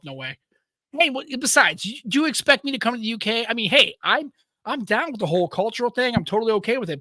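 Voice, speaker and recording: American guy on a podcast, cursing and joking around, bright voice, dead dry sound. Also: sits high, no room sound. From United States. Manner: loose, joking, swears freely. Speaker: podcast co-host. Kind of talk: casual chat.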